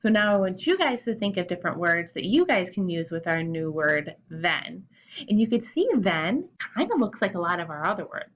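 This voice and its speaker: A woman teaching young children sight words, sounding out letters clearly and cheering them on. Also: fairly low pitch, a bit bright, muffled recording, a little hiss or hum. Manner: encouraging, cheerful. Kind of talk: early reading lesson for young children.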